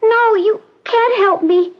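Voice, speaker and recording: An actress voicing a lonely, frightened young woman patient who pleads in a high, trembling voice, in 1970s radio drama acting. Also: slow pace. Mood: pleading frightened. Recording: dull old radio recording, faint hiss.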